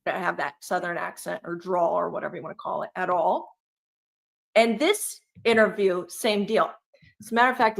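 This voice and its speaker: A woman co-hosting a livestream, giving lively, emphatic commentary in a conversational tone. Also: mid-range voice, gravelly. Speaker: livestream co-host. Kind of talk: casual commentary.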